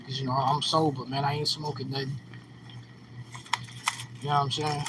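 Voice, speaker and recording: Hosting a casual livestream, a man of about forty from California talks with viewers, slangy and a bit preachy. His medium-pitched delivery is flat and at normal speed, recorded from a distance on a phone mic held off, with street noise audible.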